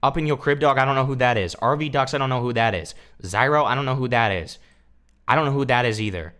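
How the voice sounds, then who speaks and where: A man hosting casual reaction commentary, crude and sarcastic, swearing constantly and dropping into low mumbled asides. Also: quick pace, fairly bright tone, clear, resonant tone. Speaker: commentary host.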